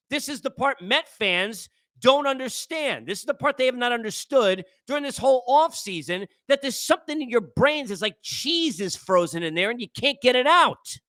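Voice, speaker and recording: Exasperated high-voiced sports talk man. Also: bright, forceful tone, no echo. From New York area. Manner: exasperated, lecturing, repeats phrases. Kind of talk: solo sports rant.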